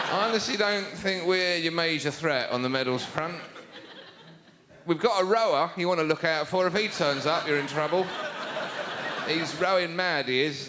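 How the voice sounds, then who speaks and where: A man doing a sardonic stand-up routine on stage, mocking his subject and breaking into shouted mimicry. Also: a little high. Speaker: stand-up comedian. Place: theatre stage before a live audience. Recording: live show with loud audience noise.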